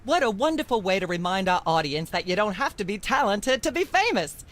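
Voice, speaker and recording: A woman's voice: medium pitch, sing-song, brisk, close to an everyday voice. A woman voicing a haughty, condescending female talk show host in a video game, talking in a prim, lecturing way.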